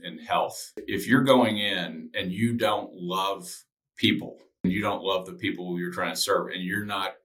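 Male host, very low voice, measured and thoughtful. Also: sharp tone. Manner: measured, thoughtful, with small restarts. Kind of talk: reflective conversational advice.

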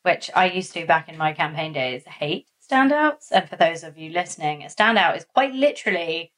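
A woman's voice: fairly low pitch, moderate pace. Chatty woman podcast host telling stories. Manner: animated storytelling with many fillers. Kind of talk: casual chat.

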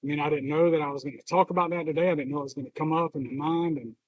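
A man co-hosting a podcast speaks in a reflective, halting way, close to tears. His voice sits a little high for a man. The sound is dry and close, with no room echo. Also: fairly even intonation. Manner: reflective, halting, open about feelings. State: emotional, near tears. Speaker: podcast co-host. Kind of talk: casual podcast conversation.

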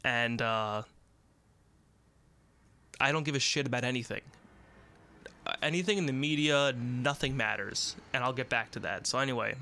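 A man's voice: medium pitch, moderate pace, long pauses, sharp tone. A young American man hosting a podcast, telling a rambling, profane story about his job while sick. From United States. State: sick with covid. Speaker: podcast host. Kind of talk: casual storytelling monologue.

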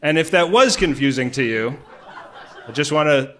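A man's voice: fairly high pitch, expressive, moderate pace, bright, forceful tone. A man co-hosting a casual, comedic podcast, talking loosely and laughing often between jokes. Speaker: podcast co-host.

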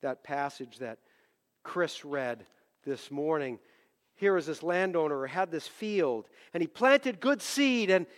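A male pastor preaches with passion in a fairly high voice, swinging from hushed pleading to loud emphasis. The room adds a long, trailing reverb to every line. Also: expressive, a little slow. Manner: impassioned, climbs into loud emphatic peaks. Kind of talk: sermon.

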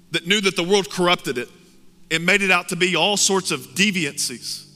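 A man delivers an impassioned sermon with a very bright, forceful voice, swinging from loud urging to hushed intensity. His words ring out in a large hall with a long reverb, and soft music plays behind him. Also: high voice. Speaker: pastor. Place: church hall.

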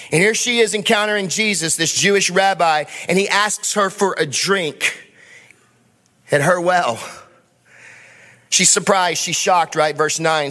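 A man's voice: high voice, pushed and bright. Emphatic preaching man in a large hall. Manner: emphatic, rhetorical questions, calls to the congregation. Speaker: pastor. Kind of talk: sermon. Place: church sanctuary.

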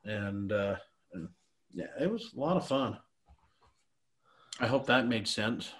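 A man's voice: fairly low pitch, expressive, unhurried, a bit bright. Middle-aged male guest, loose casual storyteller, chuckles and cusses freely. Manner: rambling, laughing, swears freely. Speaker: guest on a podcast.

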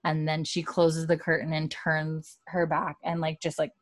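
Low-voiced young woman recapping a show. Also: monotone, normal speed, no room sound. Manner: chatty, heavy on "like" fillers, acts out the characters' lines. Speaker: podcast host. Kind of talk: casual TV episode recap.

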